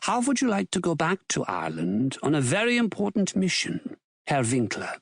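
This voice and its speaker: A man's voice: on the high side, huge pitch swings, normal speed, vocal fry, slightly rough, dry recording, studio quality, exaggerated voice. A man voicing a sly, sardonic Nazi Reichsmarschall who asks mocking, probing questions.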